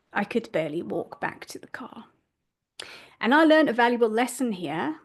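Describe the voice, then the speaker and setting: A woman podcast host telling a story in a self-deprecating way, laughing at herself. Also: on the high side. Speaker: podcast host and family constellations facilitator. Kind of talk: storytelling monologue.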